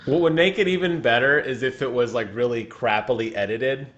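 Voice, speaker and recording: A young man co-hosting a gaming podcast, chatting loosely and breaking into giggles. His voice sits at an ordinary middle pitch. He keeps dropping into jokes and mock voices as he talks. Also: a little fast, fairly bright tone, highs cut off, a little hiss or hum. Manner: giggly, jokey, slips into silly voices. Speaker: podcast co-host. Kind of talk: casual chat.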